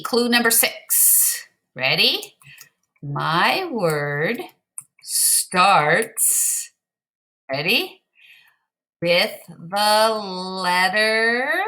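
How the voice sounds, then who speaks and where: A woman teacher giving slow, clear, patient instructions to young pupils in a recorded word game lesson. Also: mid-range voice, pushed and bright.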